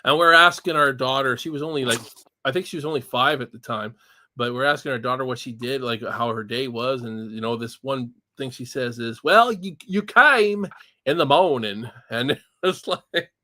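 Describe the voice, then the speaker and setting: A Canadian man hosting a casual online show, talking in loose, rambling stretches and chuckling as he goes. His voice is bright and forceful, recorded dry and close with no room echo. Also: mid-range voice, steady tone, brisk. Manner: rambling, chuckling, many restarts. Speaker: podcast host. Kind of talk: casual livestream chat.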